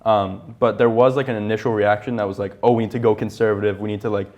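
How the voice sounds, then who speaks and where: Rambling teenage boy, low voice. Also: steady tone, fast talker, muffled recording. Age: teens. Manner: rambling, lots of likes. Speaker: student panelist. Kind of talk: casual panel discussion.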